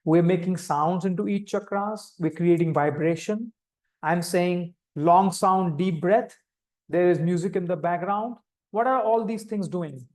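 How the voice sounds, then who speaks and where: A man with an Indian English accent giving calm, step-by-step meditation instructions to a group over a video call. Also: high-pitched, a little slow. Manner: calm, step-by-step instructing, demonstrating vocal sounds. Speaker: meditation teacher. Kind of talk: live online meditation instruction.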